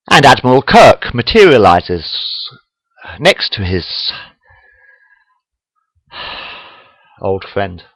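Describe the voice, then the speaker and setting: A man's voice: lowish voice, sing-song, slow pace, pauses often, fairly bright tone, dry recording, poor audio. A man reading his own fan story aloud to a webcam at home, rambling, apologizing and correcting himself as he goes. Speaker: amateur fan fiction reader. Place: home room.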